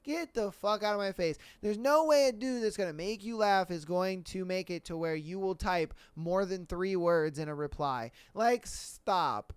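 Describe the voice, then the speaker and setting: A man's voice: high voice, moderate pace, hardly any pauses, smooth, no room sound. A man hosting a podcast alone, ranting bluntly in casual slang with plenty of swearing. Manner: blunt, profane, animated, with slang. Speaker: podcast host. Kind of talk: casual solo rant.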